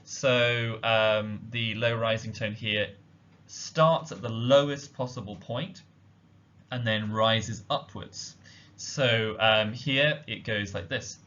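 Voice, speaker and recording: Slow, careful man teaching a language. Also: lowish voice, sharp tone. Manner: slow, careful explanation with frequent ums. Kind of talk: slide-based language lesson. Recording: dull lo-fi audio.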